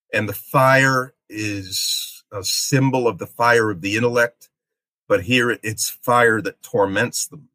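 Brief: slow, deliberate male lecturer, forceful voice, dry sound. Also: medium pitch, no room sound. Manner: deliberate, checks in with "okay?" and "um". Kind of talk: literature lecture.

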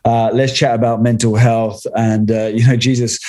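A man in his thirties, a podcast guest in casual interview chat, friendly and relaxed. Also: mid-range voice, normal speed.

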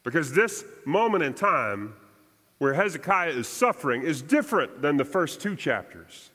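A man preaching a sermon as pastor, measured and deliberate, his voice rising for emphasis and sinking soft at the ends of lines. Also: a little high, sing-song, big-room sound.

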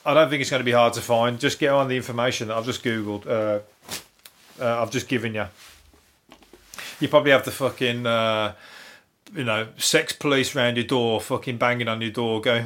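A man with a broad Brummie accent talks alone into his new podcast microphone. He rambles from topic to topic, swearing freely and chuckling at his own crude jokes. His voice sits at an ordinary middle pitch. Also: fairly even intonation, moderate pace, a bit bright. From Birmingham, England. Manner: swearing, chatty, laughing asides. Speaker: solo podcast host.

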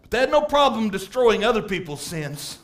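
This man's impassioned sermon swings from hushed asides to shouted emphasis, with repeated phrases driving his points home. His voice sits high and has a sing-song lilt, moving at a moderate pace.

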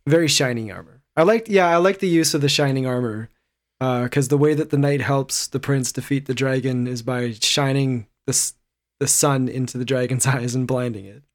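A man co-hosting a casual podcast, relaxed and joking. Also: medium pitch, normal speed. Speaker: podcast co-host.

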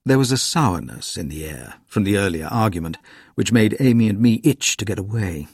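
A man reading a ghost story aloud in measured, quietly dramatic scripted narration. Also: on the low side, lively intonation, slightly rough, no echo, clean studio sound.

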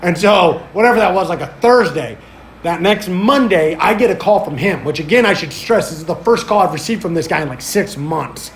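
A man hosting a podcast, telling a story in a casual, rambling way full of fillers and swearing, getting animated when he recounts what people said. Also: sits high, brisk, slight background noise. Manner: rambling, filler-heavy, profane. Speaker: podcast host.

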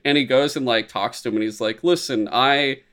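A man chatting casually as a podcast co-host, animated and profane, acting out quotes in silly voices. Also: medium pitch, moderate pace, clear, resonant tone. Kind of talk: casual chat.

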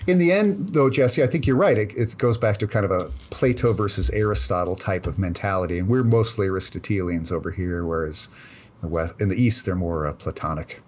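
A man's voice: sits low, fairly quick. Thoughtful man musing on a podcast. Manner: thoughtful, hesitant, many fillers and restarts. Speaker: podcast co-host. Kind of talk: casual chat.

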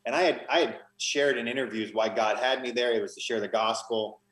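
A man's voice: mid-range voice, a little fast, fairly bright tone. Earnest man recounting his story, echoey. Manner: earnest, emotional storytelling with frequent restarts. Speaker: podcast guest. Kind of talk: conversational testimony.

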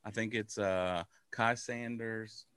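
A man's voice: lowish voice, steady tone, slow pace, fairly bright tone, smooth, no room sound. A man co-hosting a casual comedy podcast, joking and mocking himself as he lists his upcoming shows. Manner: joking, self-mocking, wanders mid-sentence. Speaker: comedian co-host.

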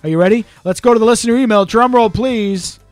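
Higher-voiced man teasing his podcast co-host. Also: fast talker, soft background music. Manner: teasing, sarcastic, swears freely. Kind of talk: casual banter.

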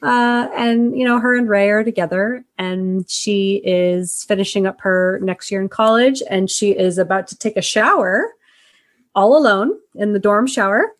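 British woman on a podcast, chatty lively recap, acts out her reactions. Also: medium pitch, unhurried. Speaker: podcast co-host. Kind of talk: casual movie review chat.

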